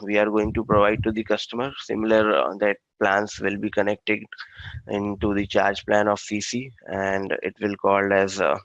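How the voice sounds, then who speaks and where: A male instructor giving a technical training lecture, talking in a halting way with frequent fillers and restarts. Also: fairly low pitch, monotone, fairly bright tone, no room sound, dull audio.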